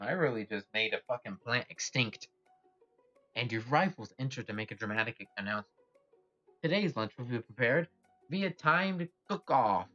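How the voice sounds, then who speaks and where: A man's voice: fairly low pitch, pushed and bright, lo-fi sound. A man reading a game aloud with wry, casual comments and swearing. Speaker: gamer reading a visual novel. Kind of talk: casual game let's-play narration.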